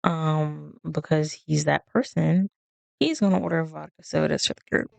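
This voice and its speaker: Chatty woman with a gravelly low voice. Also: fairly even intonation, normal speed, a little mellow, no room sound. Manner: chatty, rambling, laughing asides. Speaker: let's play streamer. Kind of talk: casual gameplay commentary.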